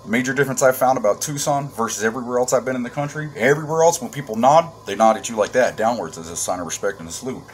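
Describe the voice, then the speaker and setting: A man from Arizona tells a comic story to the camera in a casual, swearing, lively way. His pitch leaps and dips all over. He keeps jumping from loud outbursts to hushed asides, with a faint noise behind him. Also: very fast, hardly any pauses. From Arizona, USA. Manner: animated and profane, with sudden swings from loud bursts to hushed asides. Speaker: comedic storyteller. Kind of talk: casual comedic storytelling vlog.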